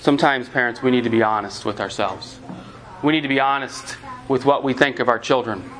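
A man's voice: medium pitch, a little fast, a bit bright, slight background noise, low-quality recording. A man preaching to parents in a conversational sermon style, telling a story and acting out the lines of the people in it. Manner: conversational preaching with acted-out quotes. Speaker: pastor.

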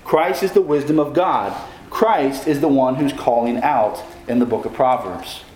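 A man's voice: mid-range voice, measured pace, a little mellow, reverberant, a little hiss or hum, rough recording. A man preaching a sermon as pastor, putting questions to the congregation.

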